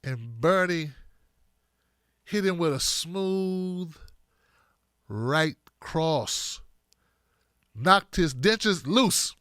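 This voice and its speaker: A man's voice: a little high, expressive, very slow, pauses often, pushed and bright, no echo, clean studio sound. A man hosting a comedic political commentary, riffing animatedly with exaggerated jokes.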